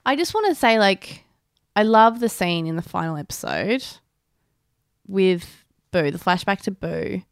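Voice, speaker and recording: A young woman co-hosting a casual podcast chat, talkative and quick to laugh. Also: medium pitch, big pitch swings, clean tone, no room sound, clean studio sound. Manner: chatty, laughs often, acts out quotes. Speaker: podcast co-host.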